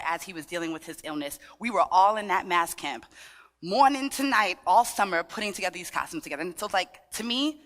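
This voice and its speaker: A bright, forceful woman with a sing-song Trinidadian-tinged New York lilt, playfully working a conference crowd. Her voice rings through a large hall with long reverb from the PA. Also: mid-range voice. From Brooklyn, of Trinidadian family. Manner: sing-song, animated, playful, leads call-and-response. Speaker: dance workshop leader. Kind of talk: lively talk to a conference audience.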